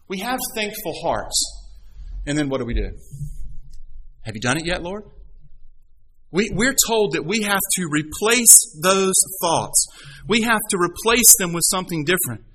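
A man's voice: fairly high pitch, fairly bright tone, a little hiss or hum, poor audio. A middle-aged man, a pastor, preaching a sermon with stories, scripture readings and rhetorical questions.

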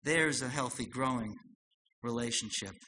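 A man preaching a sermon, swinging from loud emphatic lines to soft, low asides. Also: normal speed. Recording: long hall reverb with faint noise.

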